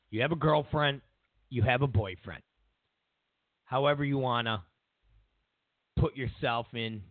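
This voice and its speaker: A man's voice: mid-range voice, no echo. A man hosting a political talk show, delivering an emphatic, opinionated monologue full of sarcastic hypotheticals. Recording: tinny phone-like audio.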